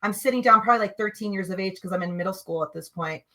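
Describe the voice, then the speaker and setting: A woman telling personal spiritual stories in a casual, animated, emphatic way, acting out what others said. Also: mid-range voice, fast. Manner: animated, emphatic, acts out quotes. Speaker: podcast guest.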